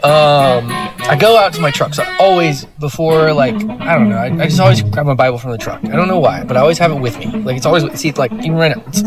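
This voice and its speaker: A man's voice: fairly high pitch, fast talker, hardly any pauses. A young man telling a story casually on a live stream, acting out the people in it. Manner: animated, quotes people in voices. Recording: loud guitar playing behind.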